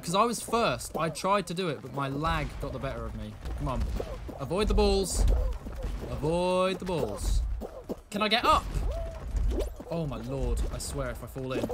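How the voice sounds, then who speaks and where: A young man giving live gameplay commentary, excitable, swinging from muttered asides to yelling at the game. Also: medium pitch, noisy background. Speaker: gaming video creator.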